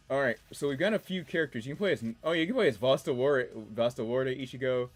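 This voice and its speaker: A man's voice: mid-range voice, a little fast, soft background music. Chatty man with DC-New York accent. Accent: mixed DC-area and New York. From Washington DC area. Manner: rambling, chatty, laughs often. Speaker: streamer. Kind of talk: casual gameplay livestream chat.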